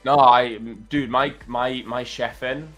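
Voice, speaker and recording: A man's voice: medium pitch, flat delivery, slow, a bit bright, faint music behind. A man co-hosting a livestream, trading teasing banter and laughing often. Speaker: livestream co-host. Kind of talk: casual chat.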